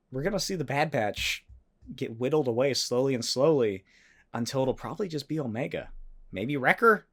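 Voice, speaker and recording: A man hosting a solo podcast, talking casually and excitedly, with frequent swearing and animated rants. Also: mid-range voice. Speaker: podcast host.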